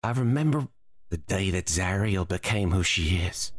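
A man voicing a young female flying elephant creature who is frightened and crying, stammering and pleading with a husky voice. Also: low voice, animated, moderate pace, dry recording, clean studio sound. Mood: haunted. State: crying, shaky.

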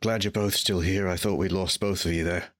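A man playing a paladin in a tabletop game, slowing down for vivid descriptions. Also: sits low, fairly even intonation, fairly bright tone. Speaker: player. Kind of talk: casual tabletop play.

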